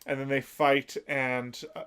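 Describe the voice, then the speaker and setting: A man with an ordinary mid-pitched voice chimes in to correct and fill out an episode recap. His delivery is plain and conversational. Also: flat delivery, unhurried, a bit bright, smooth. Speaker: podcast co-host. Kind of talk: casual anime recap chat.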